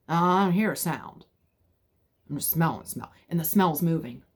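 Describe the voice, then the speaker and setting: A middle-aged woman telling a personal story in a casual, animated way, sometimes dropping to a whisper for suspense. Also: low voice, moderate pace, husky.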